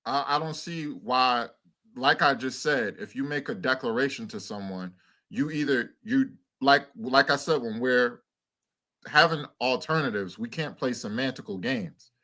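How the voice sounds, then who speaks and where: A man's voice: mid-range voice, a little slow, bright, forceful tone. A man in a heated debate, challenging the other side with probing questions.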